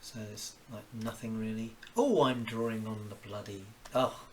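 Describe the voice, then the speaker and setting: A man's voice: lowish voice, fairly even intonation, normal speed, hardly any pauses, a little mellow, a little hiss or hum. A man with a Kent accent chatting casually while drawing a cartoon live, rambling and muttering little exclamations to himself. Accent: Kent English. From Kent, England. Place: home, cooking dinner while drawing.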